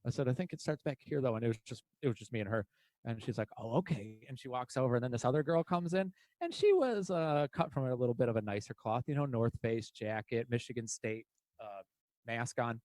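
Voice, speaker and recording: A man's voice: medium pitch, lively intonation, brisk, darkish tone, no echo. A man co-hosting a casual podcast, rambling and swearing, acting out the people in his stories. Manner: rambling, profane, acts out quoted people in storytelling. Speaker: podcast co-host. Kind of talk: casual chat.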